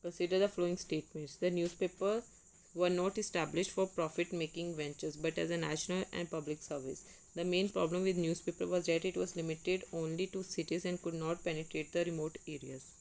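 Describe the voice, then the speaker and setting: Woman teacher, Indian English accent, low-ish voice, deliberate exam-prep lecture with Hindi asides. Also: steady tone, a little mellow, rough recording. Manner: deliberate, with frequent restarts on words. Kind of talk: exam-prep lecture, reading and explaining quiz statements.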